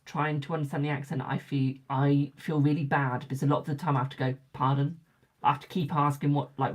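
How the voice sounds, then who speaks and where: A young adult tarot reader from Britain chatting casually with live viewers, rambling and repeating phrases for emphasis. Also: mid-range voice.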